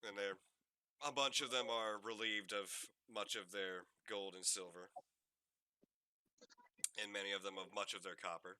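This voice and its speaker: A man's voice: lowish voice, fairly even intonation, moderate pace, long pauses, pushed and bright, clear, resonant tone, no echo. A man running a tabletop game as game master, narrating loosely with many fillers. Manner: meandering, many "like" fillers, descriptive.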